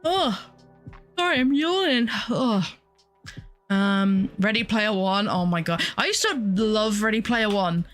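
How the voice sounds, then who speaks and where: A woman's voice: mid-range voice, animated, unhurried, faint music behind. A young woman, hosting a casual solo chat. She rambles, exclaims often and laughs a lot. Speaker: podcast host and streamer.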